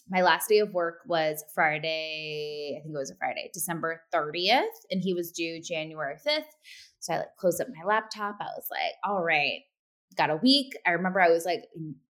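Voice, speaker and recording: A woman in her thirties, a podcast co-host chatting casually and acting out quoted lines with sudden pitch jumps. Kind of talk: casual chat.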